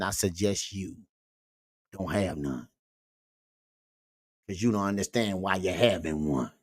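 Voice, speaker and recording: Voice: medium pitch, fairly bright tone, no echo, clean studio sound. A performer playing a preachy male uncle who lectures on red-pill views, a comedic character monologue that keeps repeating "you see" and "baby". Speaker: host.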